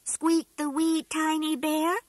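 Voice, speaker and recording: A woman voicing a cheerful toy bear storyteller, reading a storybook tale in a slow, sing-song, emphatic way. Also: sits high, level tone, no echo. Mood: gentle, storytelling. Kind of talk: scripted storybook narration.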